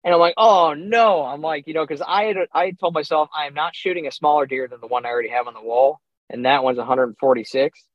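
A young man, a podcast guest, telling a hunting story in a casual, animated way, acting out his own reactions and chuckling often. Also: mid-range voice, fast talker, hardly any pauses, no echo. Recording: slightly dull, dry sound.

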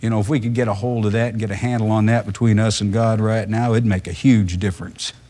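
A man's voice: fairly low pitch, steady tone, fast, warm tone. A male pastor, preaching a sermon in a conversational, emphatic way full of rhetorical questions.

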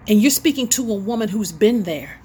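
A woman's voice: mid-range voice, lively intonation, brisk, darkish tone, breathy edge. A middle-aged woman hosting her own show, preaching an impassioned, sermon-style testimony with rising and falling emphasis. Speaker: host and inspirational speaker.

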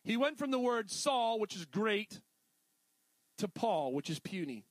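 A middle-aged man preaching a sermon in a casual, animated way, full of jokey asides. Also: high-pitched, a little slow, no echo. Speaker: pastor.

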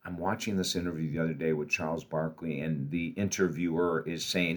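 A man in his sixties hosting a motivational podcast, telling stories with bursts of excitement and quiet asides. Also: rumbling low, a little fast, few pauses. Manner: animated storyteller, swinging from loud excitement to quiet asides. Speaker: podcast host and author.

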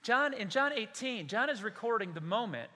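High bright preacher guy telling a story to his church, jokey, voice echoing round a big hall. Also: animated, normal speed. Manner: storytelling preacher, acts out dialogue with humor. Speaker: pastor. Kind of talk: sermon. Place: church sanctuary.

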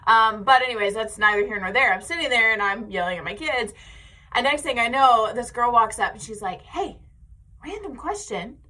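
Bright, chatty American woman host. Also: fairly high pitch, a little fast. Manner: chatty and animated, laughing often. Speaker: podcast host. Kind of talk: casual chat.

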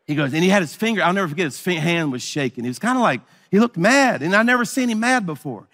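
A man's voice: high voice, animated, fast, few pauses, fairly bright tone, long reverb tail. A middle-aged man preaching a sermon, telling a story and acting out the dialogue. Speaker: pastor.

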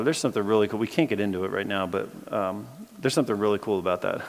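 A man giving a casual, conversational sermon, reading scripture and retelling it as a lively storyteller with playful acted asides. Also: fairly high pitch, fast, vocal fry. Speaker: preacher and philosophy teacher. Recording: echoey hall with long reverb.

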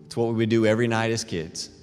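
A middle-aged man preaching a sermon as a pastor, telling animated, self-deprecating stories between scripture readings. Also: lowish voice, quick pace. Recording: long reverb in a large hall with faint music.

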